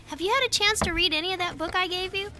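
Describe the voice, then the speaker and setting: An actress playing a practical, friendly young woman who asks quick, direct questions. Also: very high-pitched, noisy background. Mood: questioning. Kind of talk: radio drama acting.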